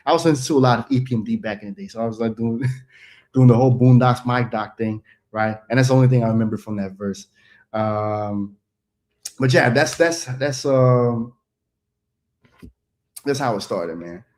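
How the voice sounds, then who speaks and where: A man in his thirties, raised in the Netherlands, talks in a relaxed, meandering way, like a rapper swapping stories on a stream. His pitch sits in an ordinary middle range, and he breaks into easy laughter now and then. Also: moderate pace, long pauses. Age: 30s. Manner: loose, rambling storyteller who laughs easily. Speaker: rapper and guest. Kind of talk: casual chat on a stream.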